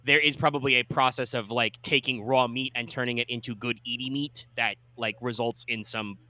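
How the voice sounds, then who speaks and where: A man's voice: medium pitch, fairly even intonation, brisk, bright, forceful tone, no room sound. A man running a tabletop game as game master, explaining rules in a rambling way with lots of filler words.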